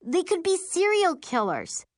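A woman's voice: very high voice, wildly swooping pitch, unhurried, no echo, studio quality, voice pushed up, heavily acted. A woman reading the part of a scared, sulking teenage sister with a whiny, complaining manner.

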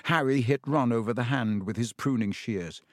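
A man's voice: medium pitch, moderate pace, no echo. Man narrating an audiobook, dry and close.

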